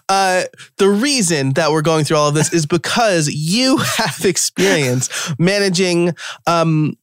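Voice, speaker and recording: A man's voice: on the high side, clear, resonant tone, no room sound, studio quality. A man from New York hosting a casual podcast interview, chatty and full of stories. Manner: chatty, storytelling, frequent fillers and laughs. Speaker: podcast host.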